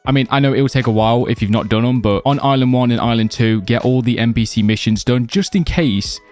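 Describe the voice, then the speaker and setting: A man's voice: mid-range voice, quick pace, a little mellow, faint music behind. A young man giving a casual game guide, chatty and loose with lots of fillers, his voice a little worn as he says he is losing it. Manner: chatty, loose, many fillers like "like" and "you know". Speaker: gaming video creator. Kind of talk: casual gameplay guide commentary.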